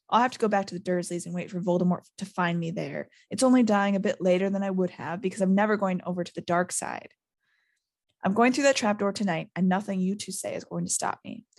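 A woman's voice: medium pitch, a little mellow, lightly acted. A woman reading as a determined eleven-year-old boy, urgent and earnest.

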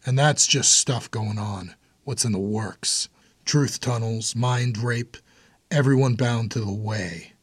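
A man's voice: medium pitch, slow pace, husky, no room sound. A man voicing a grim, blunt hardened older brother in an audiobook.

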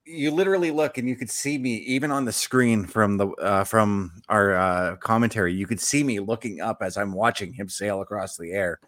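A lower-voiced man co-hosting a wrestling podcast. He tells stories to his friends in a loose, chatty way. The sound is close and dry. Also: normal speed, hardly any pauses, fairly bright tone, dry recording. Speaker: podcast co-host, wrestling commentator. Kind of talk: casual chat.

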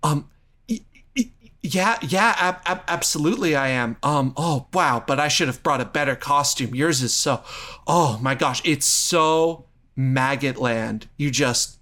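A man's voice: a little high, unhurried, bright, forceful tone. A man playing a stammering flustered young woman. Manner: stammering, nervous.

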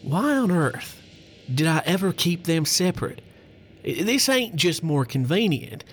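A man voicing a gruff, mean rural farmer during a creepypasta reading, with a folksy drawl. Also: a little high, big pitch swings, a little slow, slight background noise. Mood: smug.

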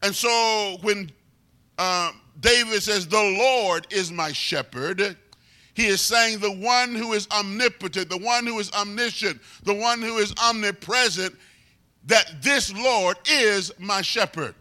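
High, bright-voiced preacher man. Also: measured pace. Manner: preaching with rising, shouted crescendos. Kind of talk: sermon.

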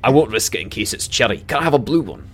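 A man's voice: medium pitch, expressive, fast talker, breathy edge, pitched above the performer's own voice. A man voicing a jovial male dwarf mercenary in a tabletop game, boisterous and friendly.

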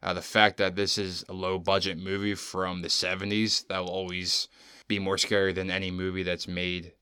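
A man with a low, smooth and clear voice chats easily and agrees readily with his co-host. His voice is dry and close to the mic. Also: little pitch movement, normal speed, bright, forceful tone, dry recording. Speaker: podcast co-host, movie reviewer. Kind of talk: casual chat.

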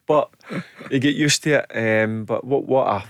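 A Scottish man, a former footballer, talking casually as a radio pundit, animated and often repeating his first words. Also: medium pitch, normal speed, dry recording, studio quality.

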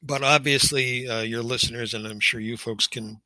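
An older man giving personal testimony as an interview guest, emotional and halting, with frequent pauses and fillers. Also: medium pitch, fairly even intonation, bright, forceful tone, dry recording, rough recording.

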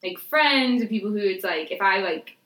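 An outspoken young woman talking frankly and cursing casually. Her voice is bright and forward. The room around her sounds echoey. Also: medium pitch, expressive, moderate pace. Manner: blunt, outspoken, swears freely. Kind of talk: casual chat.

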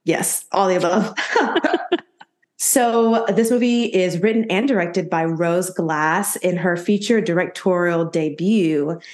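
A woman's voice: on the low side, slow pace, darkish tone, echoey room. A woman co-hosting a horror podcast, chatty and bubbly with frequent giggles. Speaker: podcast co-host. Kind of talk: casual podcast chat.

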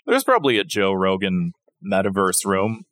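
A man's voice: low voice, wildly swooping pitch, normal speed, fairly bright tone. A man co-hosting a comedy podcast, making dry, wry remarks. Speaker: podcast co-host.

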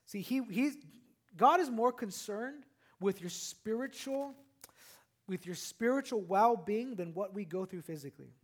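A man preaching a sermon as a pastor, animated and repetitive, calling out to the congregation. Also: sits high, unhurried.

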